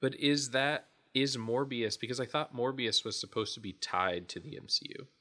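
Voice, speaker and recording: A man's voice: mid-range voice, moderate pace, pushed and bright. A man chatting casually on a podcast, rambling and restarting his thoughts as he goes. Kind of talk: casual chat.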